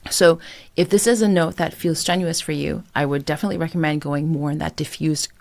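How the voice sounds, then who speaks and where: A woman's voice: sits low, fairly even intonation, fairly quick, vocal fry, darkish tone. A woman vocal coach teaching a singing lesson, explaining technique and breaking into short sung examples with an encouraging manner. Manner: encouraging, demonstrates phrases by singing them.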